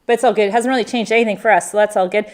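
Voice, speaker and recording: A woman's voice: mid-range voice, fairly even intonation, very fast. A Canadian woman in her forties hosting a live Q&A for her family's travel channel, talking in an upbeat, chatty way and stringing her thoughts into long lists. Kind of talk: live Q&A chat.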